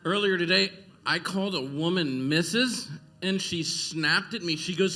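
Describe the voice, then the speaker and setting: A man doing a stand-up comedy set on a club stage, delivering deadpan one-liners. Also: sits high, normal speed, few pauses.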